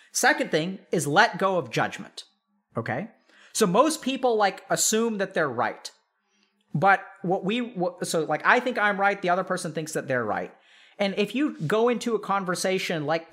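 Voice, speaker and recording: High-voiced man explaining to an audience. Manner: animated, filler-heavy, addresses audience directly. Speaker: psychiatrist and streamer host. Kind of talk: casual explanatory talk to a live audience.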